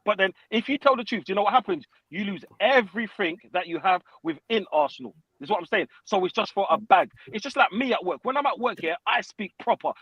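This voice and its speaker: A man's voice: sits high, animated, fast, few pauses, slightly rough, no room sound, dull audio. A man talking football, blunt and profane, often stumbling over repeated words while he interrupts. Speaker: football podcast co-host. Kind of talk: heated casual debate.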